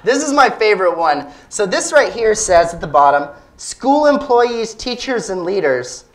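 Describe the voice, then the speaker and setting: Woman comic host, ironic and quick to laugh, live on stage. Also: mid-range voice, sing-song. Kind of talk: live comedy panel chat. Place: small stage before a live audience.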